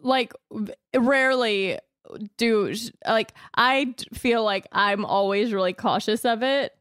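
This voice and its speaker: A woman's voice: on the high side, a bit bright, clear, resonant tone, dry recording, clean studio sound. A woman co-hosting a podcast in casual chat, rambling and restarting her sentences, often breaking into laughter. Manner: rambling, self-interrupting, quick to laugh. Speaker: podcast co-host.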